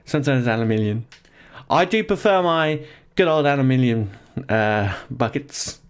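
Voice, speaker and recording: A man's voice: mid-range voice, expressive, normal speed, smooth. A young man chatting casually and jokingly to his live-stream chat while gaming, rambling and laughing often, in his home office.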